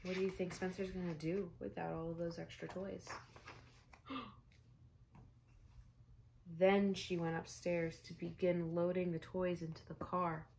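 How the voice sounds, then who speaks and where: A woman teacher reading a picture book aloud to children, expressive and stopping to ask her listeners questions. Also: fairly low pitch, measured pace, vocal fry, pauses often, a little hiss or hum. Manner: expressive, asks listeners questions, gasps for effect.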